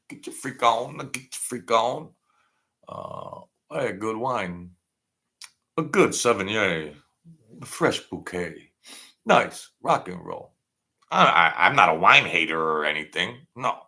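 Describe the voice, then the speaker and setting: Gravelly man chatting with viewers. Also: fairly low pitch, sharp tone. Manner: rambling, reads out and thanks viewers by name. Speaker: channel host. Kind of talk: casual livestream chat.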